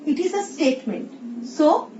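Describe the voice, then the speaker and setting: A woman teacher with an Indian English accent, slowly explaining a recorded English lesson and reading example sentences aloud. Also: very high voice, lively intonation, mellow. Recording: roomy, distant, dull sound with faint hiss.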